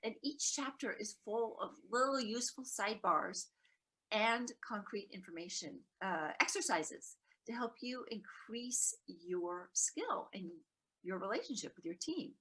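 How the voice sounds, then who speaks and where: A woman's voice: a little high, lively intonation, a little slow, a bit bright. A woman hosting a webinar, introducing the guest speaker over a video call.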